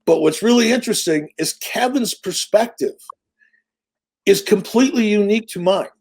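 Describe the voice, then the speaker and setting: Animated, profane man telling a story. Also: sits high, normal speed, vocal fry, husky. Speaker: interview guest. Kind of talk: casual storytelling.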